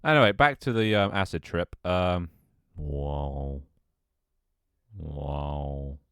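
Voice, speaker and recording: A man's voice: on the low side, lively intonation, normal speed, fairly bright tone, smooth, dry recording, studio quality. A man streaming a game and chatting casually, rambling, swearing freely and reacting to his chat. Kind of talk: casual gameplay livestream commentary.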